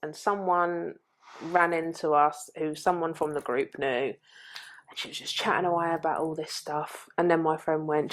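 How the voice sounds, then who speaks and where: A woman sits as a podcast guest, speaking in a fairly low voice. She tells her story candidly and bluntly, swearing without hesitation. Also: fairly even intonation, moderate pace, slight background noise. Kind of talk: frank personal storytelling.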